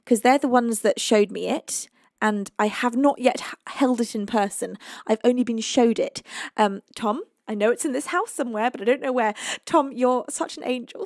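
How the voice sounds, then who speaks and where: A young English woman hosting a music livestream, chatting warmly with viewers, reading out their messages and often laughing. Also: fairly high pitch, moderate pace, no echo, studio quality. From United Kingdom. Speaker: livestream singer and host. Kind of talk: casual chat with live viewers. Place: home, indoors.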